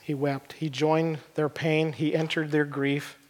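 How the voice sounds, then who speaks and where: A man's voice: a little high, little pitch movement, unhurried, a little mellow. A middle-aged man, preaching a sermon in an earnest, conversational way and repeating words as he looks for them. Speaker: pastor. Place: church hall. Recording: long reverb of a church hall.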